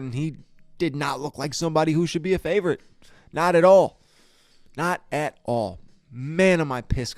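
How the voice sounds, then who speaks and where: A man's voice: fairly high pitch, dry recording, studio quality. A man hosting a podcast, giving a casual fight review in an exasperated, profane way, stammering and restarting his sentences. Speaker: podcast host. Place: podcast studio.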